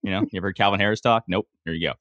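A man co-hosting a podcast, teasing the host in quick casual banter. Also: fairly low pitch, fairly bright tone, no room sound, clean studio sound. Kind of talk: casual chat.

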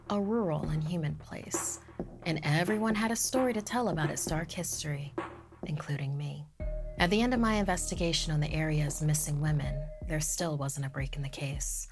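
Low-voiced whispering woman storyteller. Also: creaky. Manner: hushed, often whispering. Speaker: narrator. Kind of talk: scripted horror story narration. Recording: music playing underneath.

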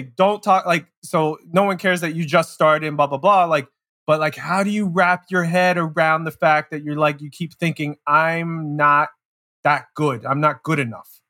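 A man's voice: on the high side, bright, forceful tone, no room sound, clean studio sound. A man hosting a podcast, talking casually with many fillers. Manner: casual, filler-heavy, laughs easily. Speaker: podcast host. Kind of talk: podcast conversation.

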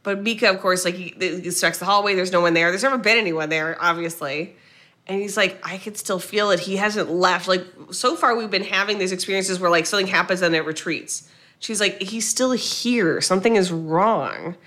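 A woman co-hosting a podcast, retelling a film's plot in a casual, animated way, quoting the characters and swearing now and then. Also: on the low side, brisk. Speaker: podcast co-host. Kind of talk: casual movie recap chat.

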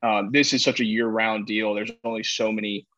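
A man's voice: fairly low pitch, level tone, fairly quick, fairly bright tone, dry recording, muffled recording. A man co-hosting a casual sports talk show, rambling through his points with lots of fillers and restarts. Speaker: podcast co-host, soccer analyst.

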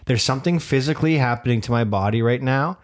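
A man with a mid-range voice co-hosts a casual podcast chat. He talks earnestly, turns deadpan at times and acts out his own thoughts. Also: mid-range voice, quick pace. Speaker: podcast co-host.

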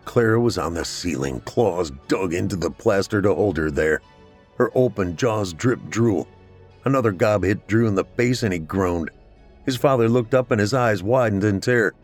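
Deep-voiced man narrating horror. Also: animated, moderate pace, faint music behind.

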